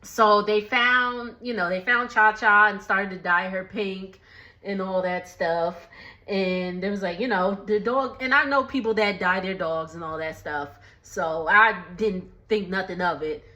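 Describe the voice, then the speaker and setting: A woman's voice: mid-range voice, measured pace, pushed and bright, lo-fi sound. A young woman casually recapping a TV episode from her kitchen, chatty and laughing often, with slangy speech. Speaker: recap vlogger. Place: home kitchen dining area.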